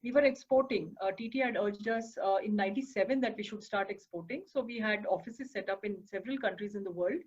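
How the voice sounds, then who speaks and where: A woman, an interview guest telling her business story in an articulate, measured way with occasional fillers. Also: medium pitch, slightly rough. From India. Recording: slightly dull, lo-fi audio.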